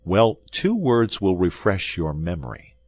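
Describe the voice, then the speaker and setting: A man's voice: low voice, sing-song, unhurried, darkish tone, no echo, full character voice. Man doing a stern, menacing young swordsman. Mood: threatening. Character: angry, threatening young male swordsman.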